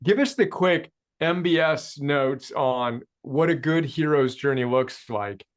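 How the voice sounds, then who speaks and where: A man's voice: a little high, expressive, measured pace. A man hosting a podcast interview, upbeat and encouraging, with casual slang. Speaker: podcast host.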